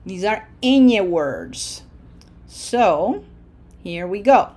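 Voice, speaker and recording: A woman teaching a language lesson, checking in with her students and slowly modeling each pronunciation for them to repeat. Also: mid-range voice, animated, darkish tone. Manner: slow, deliberate modeling of pronunciation with encouraging checks. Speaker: Spanish teacher.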